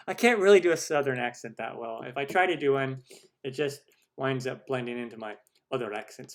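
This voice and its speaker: A cooking show host in his forties rambles through a casual live-stream Q&A, full of fillers and self-deprecating jokes. His medium-pitched voice moves fairly quickly.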